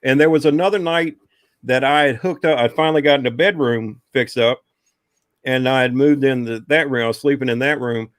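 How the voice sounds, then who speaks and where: A man's voice: medium pitch, a little fast, no echo, clean studio sound. A man telling a long personal ghost story in a casual, rambling way, with many fillers.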